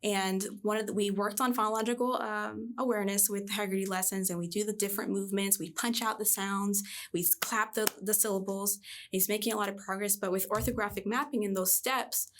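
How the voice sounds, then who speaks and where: A woman in her thirties, a reading coach, chatting in a podcast interview and telling stories with a lively, expressive voice. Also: mid-range voice, a little fast. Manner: animated storyteller, lively voice jumps.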